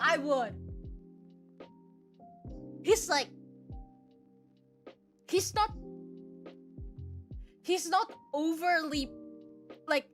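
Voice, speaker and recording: High-pitched, gushing young woman streamer. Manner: gushing, breathless, swears a lot, repeats herself, bursts of laughter and shrieks. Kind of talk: excited casual chat to viewers.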